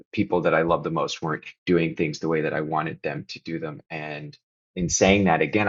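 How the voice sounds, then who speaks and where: A man's voice: very deep voice, vocal fry, fairly bright tone, slightly rough, muffled recording. A man speaking as a podcast guest, sharing candidly and earnestly, reflective and sometimes rising to emphatic bursts. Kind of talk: candid confessional conversation.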